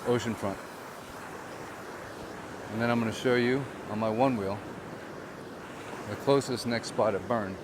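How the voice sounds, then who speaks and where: A man's voice: fairly low pitch, steady tone, unhurried, pauses often, background noise. A man filming a handheld walk-and-talk vlog outdoors by the shore, speaking bluntly and with frustration straight to his viewers. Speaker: vlogger and real estate agent. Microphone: handheld camera on a gimbal.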